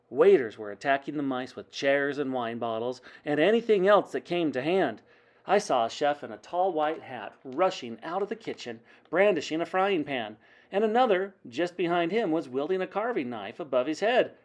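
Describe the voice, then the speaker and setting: Teacher guy reading a kids book out loud, lively swoopy voice, a bit high. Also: moderate pace. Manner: animated, dramatic storytelling. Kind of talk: reading a children's book aloud.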